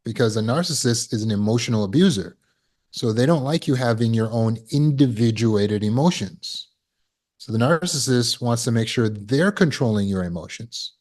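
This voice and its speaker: A man's voice: medium pitch, expressive, normal speed, darkish tone. A man giving a spoken lesson to an online audience. As a healing course teacher, he asks rhetorical questions and repeats words while he thinks.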